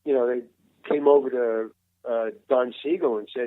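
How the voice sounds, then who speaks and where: A man's voice: medium pitch, fairly even intonation, normal speed, no echo. An older man, a veteran actor, telling rambling anecdotes in an interview and acting out the dialogue he quotes. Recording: tinny phone-like line, dry.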